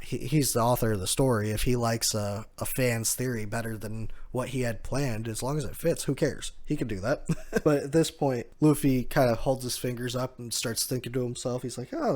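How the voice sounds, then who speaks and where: A man's voice: mid-range voice, a little mellow. A man hosting a casual chapter recap, retelling the scenes and laughing often as he quotes the characters. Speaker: manga recap host.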